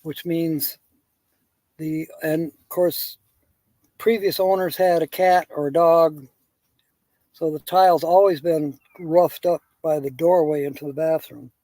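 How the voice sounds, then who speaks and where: A man's voice: fairly high pitch, steady tone, slow pace, mellow, no room sound. A man hosting a live stream, rambling through casual chat and telling jokes while chuckling at them.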